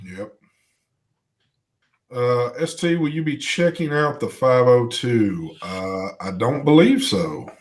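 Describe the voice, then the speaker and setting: A man's voice: medium pitch, animated, slow pace. A man co-hosting a live vaping show, chatting casually, reading out viewer comments and swearing now and then. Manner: laid-back, swears casually, reads chat aloud. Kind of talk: casual live-stream chat.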